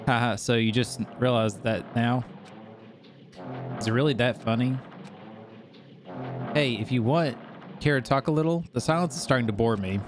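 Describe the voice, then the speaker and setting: A man's voice: medium pitch, moderate pace, long pauses, over music, close to an everyday voice. A man reading Nagito, the eager lucky boy. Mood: friendly. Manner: overfamiliar, rambling, eager. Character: cheerful unsettling teenage boy obsessed with luck.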